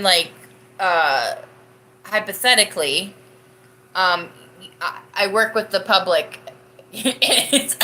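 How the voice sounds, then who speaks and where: A woman's voice: mid-range voice, bright, forceful tone. A young woman hosting a live podcast, chatting casually and rambling as she answers viewer comments, laughing often. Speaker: livestream podcast host.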